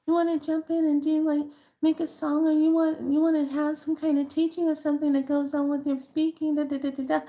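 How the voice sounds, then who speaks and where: A woman voicing an over-eager female app promoter in a high, sing-song mocking tone. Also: flat delivery, fairly quick, warm tone.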